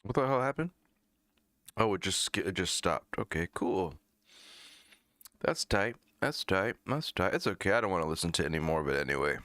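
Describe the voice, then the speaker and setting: A man's voice: deep voice, lively intonation, normal speed, long pauses, a bit bright, dry recording. A man hosting a live music-review stream, talking bluntly and profanely with mocking asides. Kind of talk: casual live-stream chat.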